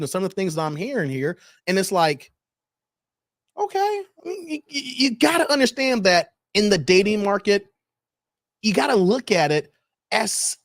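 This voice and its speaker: A man's voice: sits high, no echo, studio quality. A man hosting a reaction channel, giving preachy dating commentary and acting out the people he quotes. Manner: animated, preachy, acts out quoted voices.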